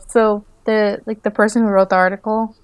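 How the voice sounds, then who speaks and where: A woman's voice: medium pitch, flat delivery, moderate pace, clear, resonant tone, no room sound. A woman co-hosting a casual podcast, joking around with slangy asides and frequent giggles. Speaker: podcast co-host.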